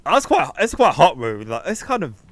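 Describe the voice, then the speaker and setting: A man in casual chat, recapping a film's plot and acting out characters' lines in quick asides. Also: on the high side, wildly swooping pitch, fairly bright tone, dry recording. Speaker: film review podcast co-host.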